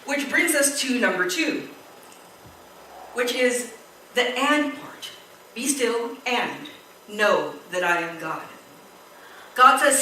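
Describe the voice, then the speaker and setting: A woman preaching a sermon in a church, telling a story with lively quoted voices. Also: on the high side, slow pace, long pauses, slight background noise. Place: church hall. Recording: echoey church hall, distant mic.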